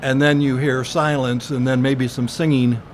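An older man recalls his past slowly and earnestly, pausing often and filling gaps with small hesitations. His voice sits at an ordinary middle pitch. A faint hiss of noise sits behind it. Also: little pitch movement. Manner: earnest, reflective storytelling with frequent pauses and fillers. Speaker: interviewee. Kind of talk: oral history interview.

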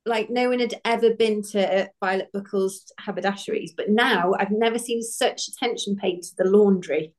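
A woman's voice: mid-range voice, normal speed, hardly any pauses, a little mellow. A British woman co-hosting a casual TV rewatch podcast, chatty and enthusiastic, often correcting herself. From Britain. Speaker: podcast co-host. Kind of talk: casual chat.

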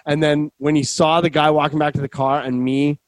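A young man, a comedian, telling a rambling story in casual chat, full of swearing and quick restarts. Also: a little high, dry recording, rough recording. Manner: rambling, animated, swearing, quick self-interruptions. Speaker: comedian guest.

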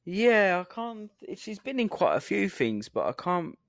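With a high, sing-song voice marked by vocal fry, a man talks a little slowly while co-hosting a podcast. He laughs often and swears freely in casual chat, recorded with no room sound and clean studio sound.

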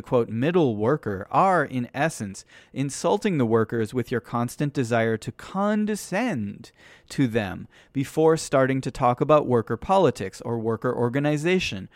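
A man hosting a podcast, reading a political text aloud in steady narration and voicing each quotation mark as "quote" and "unquote". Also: medium pitch, no echo, studio quality.

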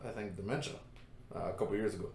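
A man co-hosting a podcast in casual chat, relaxed, reading out what he is looking up. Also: fairly low pitch, fast, creaky, reverberant. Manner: relaxed, reads facts aloud while looking them up. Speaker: podcast co-host.

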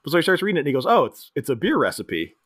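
A man co-hosting a casual movie chat, retelling scenes and jumping into squeaky impressions of the characters, often laughing. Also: huge pitch swings, racing, a bit bright, husky. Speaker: podcast co-host.

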